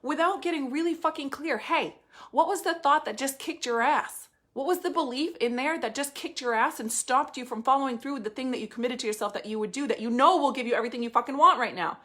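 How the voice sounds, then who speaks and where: A woman in her thirties runs a live training with a high voice and no filter. She swears freely and presses her points hard and fast, coaching with raw, punchy energy. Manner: blunt, profane, fast-talking, energetic. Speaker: business coach.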